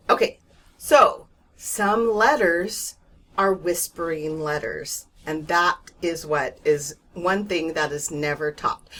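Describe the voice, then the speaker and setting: Lady teaching kids to read, talks super slow and patient, kinda lowish voice. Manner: slow, patient, reassuring explanation with demonstrated whispers. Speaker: reading teacher. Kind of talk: instructional video lesson.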